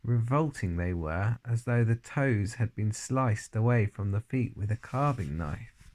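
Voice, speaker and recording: A man's voice: lowish voice, animated, a little slow, darkish tone. A man reading a children's novel aloud in the first person, with dramatic emphasis. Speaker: audiobook reader.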